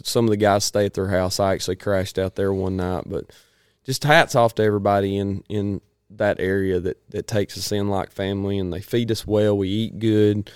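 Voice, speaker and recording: Folksy man with a smooth, low voice. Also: fairly even intonation, normal speed, hardly any pauses, no room sound, clean studio sound. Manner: folksy, rambling, frequent throat clearing. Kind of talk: casual chat.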